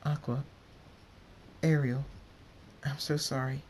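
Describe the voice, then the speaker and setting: A man voicing a gentle, timid mother pony in a storybook reading. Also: medium pitch, level tone, slow, slight background noise, voice pushed up, close to an everyday voice. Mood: sorrowful.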